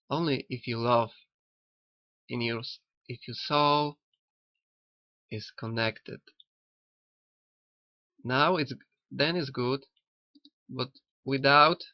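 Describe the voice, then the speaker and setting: A man who learned later in life talks slowly, halting and repeating himself. His voice is gravelly and the recording is dry and dull, as if taken close up with a cheap mic. He muses on a cartoon in a loose, spiritual way. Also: medium pitch, no room sound. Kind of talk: rambling spiritual commentary on a cartoon. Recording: dull lo-fi sound.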